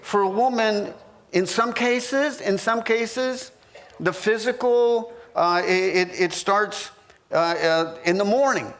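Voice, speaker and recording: Older pastor guy, kinda high voice, slow and earnest, keeps restarting sentences. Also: fairly bright tone. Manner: earnest, repetitive, with many restarts. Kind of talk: marriage class teaching. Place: church.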